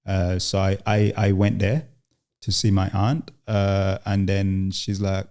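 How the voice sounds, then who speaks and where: A young man from Uganda, a guest in an interview, telling his story in a halting way with many restarts and quoted lines. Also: low-pitched, flat delivery, a little mellow, clear, resonant tone. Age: young adult.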